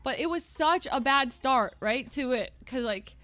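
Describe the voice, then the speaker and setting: A young woman livestreamer telling a story in a casual, animated way, laughing often and acting out quotes in a higher voice. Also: unhurried. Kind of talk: casual storytelling to stream chat.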